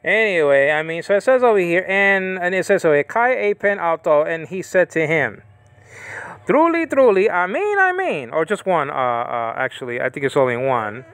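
A man teaching the Bible in a casual, rambling monologue, often correcting himself and slowly reading out Greek words. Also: a little high, a bit bright, clean tone, dry recording.

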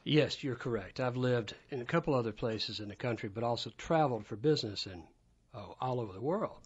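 A man's voice: medium pitch, a little fast, slightly rough, no room sound. A man in his fifties from Alabama with a Southern accent, telling stories as a radio studio guest with enthusiasm. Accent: Southern American. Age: 50s. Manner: enthusiastic, anecdotal. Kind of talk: casual storytelling. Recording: dull, dry studio sound.

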